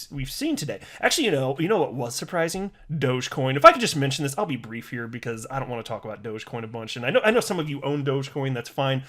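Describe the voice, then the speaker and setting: Male YouTuber, keen and chatty, voice sits a bit high, riffs and jokes between facts. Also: fairly bright tone. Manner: chatty, jokey, enthusiastic, with frequent fillers. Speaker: crypto YouTuber. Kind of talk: casual market commentary to camera.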